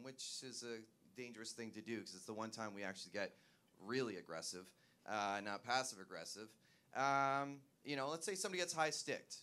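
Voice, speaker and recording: A young Canadian man doing a rambling, self-deprecating stand-up set on a comedy club stage, with bursts of shouted punchlines. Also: mid-range voice, smooth. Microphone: handheld mic on a stand.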